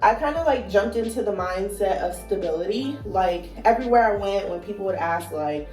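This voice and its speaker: A woman's voice: medium pitch, animated, normal speed, hardly any pauses, distant mic. A woman in her twenties with a groggy morning voice, telling a casual story time vlog, chatty and playful with lots of "like" and "you know". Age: 20s. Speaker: vlogger. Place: at home while doing her morning routine. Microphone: phone on a moving gadget. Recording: echoey room, phone set back, soft music behind.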